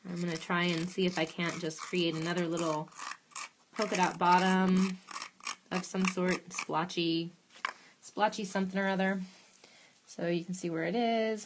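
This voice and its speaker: A woman's voice: fairly low pitch, slight background noise. A woman demonstrating a glass craft in her studio on a live stream, chatting casually, thinking aloud and answering viewer questions as she works.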